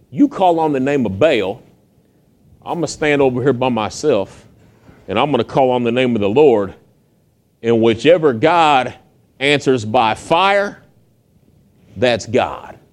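Lively man preaching a sermon. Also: medium pitch. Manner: lively storytelling, acting out the scripture's voices. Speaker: pastor.

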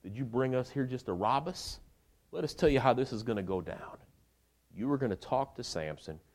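A man's voice: medium pitch, lively intonation, normal speed, darkish tone. A man preacher voicing a gang of threatening thugs in a streetwise tone. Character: menacing gang of thuggish men.

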